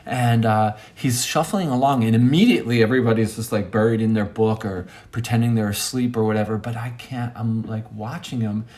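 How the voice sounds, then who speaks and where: A man telling a comic story as a monologue host, rambling and interrupting himself, with lively jumps in pitch. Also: brisk, hardly any pauses.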